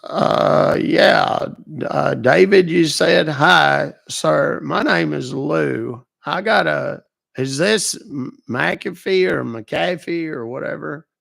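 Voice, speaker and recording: A man's voice: a little high, slow pace, creaky, fairly bright tone, pitched above the performer's own voice, exaggerated voice. A man voicing a folksy, confused man who calls support, drawling and stammering over words. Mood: fretful. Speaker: fake caller to a scammer.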